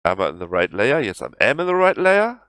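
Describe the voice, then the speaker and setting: A man with a German accent, a native German speaker, talking through a software tutorial in halting English that often restarts. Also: medium pitch, big pitch swings, clean tone, dry recording. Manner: halting, self-correcting non-native English. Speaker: tutorial host. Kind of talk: screen-recorded software tutorial.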